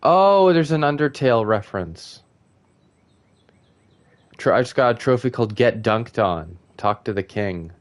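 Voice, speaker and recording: A man's voice: mid-range voice, expressive, unhurried, long pauses. A man giving casual, rambling let's play commentary and reading game text aloud. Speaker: gamer.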